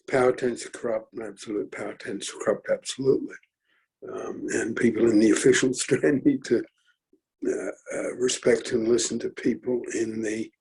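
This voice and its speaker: Gravelly husky middle-aged guy talking slow, lots of ums and restarts, thinking out loud. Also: mid-range voice, rough recording. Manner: slow and halting, many fillers and restarts. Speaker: forum host and speaker. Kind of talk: reflective talk, thinking aloud.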